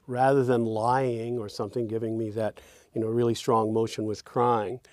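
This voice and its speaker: A man teaching songwriting, thinking aloud as he drafts lyrics and quietly hums and sings the lines he is trying out. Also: mid-range voice, little pitch movement, normal speed, no room sound, studio quality.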